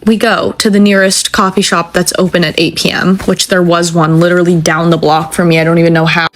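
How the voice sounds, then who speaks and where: Animated profane young woman telling a story. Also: on the low side, fairly quick, slight background noise. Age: 20s. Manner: animated, profane, self-mocking. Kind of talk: casual storytelling.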